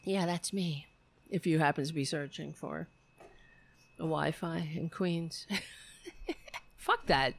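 A woman's voice: low voice, fairly even intonation, unhurried, vocal fry, long pauses. A woman hosting a political livestream, ranting casually with profanity and sarcasm.

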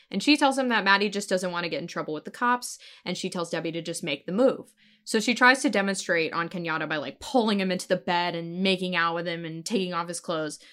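A woman's voice: fairly low pitch, sharp tone. A woman co-hosting a casual podcast, retelling TV scenes and swearing freely as she acts out lines. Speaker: podcast co-host. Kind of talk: casual TV recap chat.

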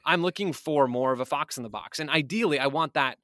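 A man's voice: on the high side, fairly quick, a bit bright, dry recording. A man in the guest chair of a podcast, breaking down tactics in casual, thinking-aloud analysis. He restarts sentences as he works out his points. The recording is close and dry, with no room sound. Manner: thoughtful, speculative, restarts often.

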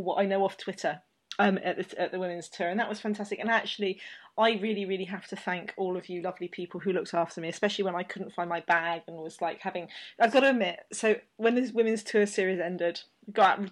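A woman hosting an interview, telling stories in a chatty, rambling way with lots of restarts. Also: medium pitch. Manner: chatty, rambling, animated storyteller with many restarts. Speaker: podcast host. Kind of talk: casual interview chat.

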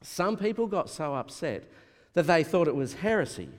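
A man preaching a sermon as a pastor, animated and acting out the voices he quotes. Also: on the high side, moderate pace. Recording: long hall reverb.

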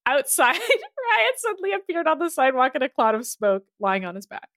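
High-voiced woman reading a comic story. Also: lively intonation, normal speed, a bit bright, no echo, studio quality. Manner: reads with giggles. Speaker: podcast co-host.

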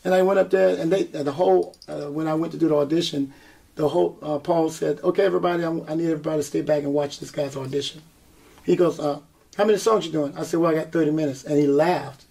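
A man's voice: fairly high pitch, fast, gravelly. A man, a singer, telling his story in an interview, acting out what people said to him and laughing often. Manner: animated storyteller, acts out quotes, laughs often. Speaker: guest singer and performer.

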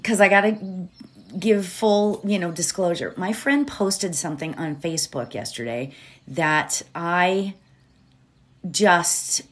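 A woman's voice: fairly low pitch, slow pace. A woman hosting a positivity podcast, talking casually and rambling a bit, often checking in with "right?" and laughing. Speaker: podcast host. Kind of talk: casual motivational podcast talk.

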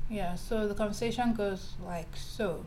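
Woman podcast cohost, chatty and animated, mid pitch, reading stuff out and reacting. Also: unhurried, a little hiss or hum, low-quality recording. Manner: chatty, animated, drops into quoted voices. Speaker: podcast co-host. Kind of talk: casual chat, reading listener messages aloud.

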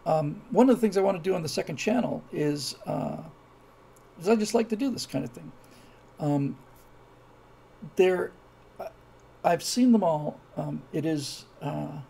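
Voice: mid-range voice, creaky, slightly rough. A host of an online video show talking casually, with many fillers and restarts, who builds into emphatic speech. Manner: grows animated and emphatic. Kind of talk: casual spoken commentary.

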